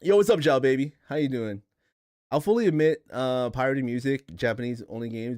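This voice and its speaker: Seated in his chair at a home streaming setup, a man hosts a casual live stream, rambling emotionally, cursing, and reading chat out loud. His voice sits at a medium pitch, and the recording is dry with a clean studio sound.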